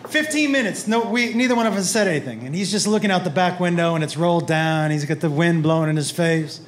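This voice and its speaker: A man doing stand-up, telling animated stories and acting out the people in them on a comedy stage. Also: fast talker. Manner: animated, acts out quotes with big pitch swings. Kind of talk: stand-up storytelling. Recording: noisy live stage recording.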